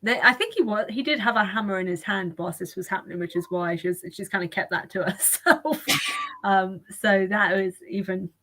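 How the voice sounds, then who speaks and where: A woman's voice: medium pitch, moderate pace, fairly bright tone. A woman hosting a casual livestream chat, rambling and laughing often. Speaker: livestream host.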